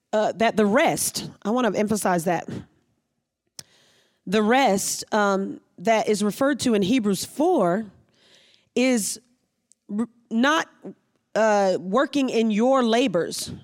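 Pastor delivering a sermon, emphatic and repetitive, reads scripture then explains it. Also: medium pitch. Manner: emphatic preaching with repeated phrases.

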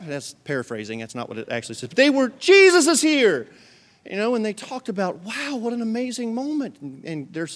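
A male pastor preaching a sermon to his congregation in an animated storytelling manner, with humor and acted-out voices. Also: fairly high pitch. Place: church service with a live congregation.

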